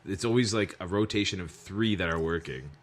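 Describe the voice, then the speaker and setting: A man's voice: low voice, fairly quick. Easygoing man telling a story on a podcast. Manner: relaxed storytelling, questioning. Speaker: podcast co-host. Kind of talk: casual chat.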